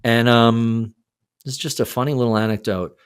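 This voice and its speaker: A man in his sixties, a podcast guest, telling a story in a casual interview, animated and casually profane. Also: medium pitch, normal speed, smooth. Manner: animated, acts out quoted lines, swears casually.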